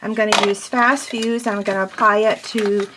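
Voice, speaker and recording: Lady walking you through a paper craft, chatty, mid pitch, bit of hiss behind. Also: flat delivery, moderate pace. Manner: chatty, step-by-step, self-deprecating. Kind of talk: casual craft tutorial.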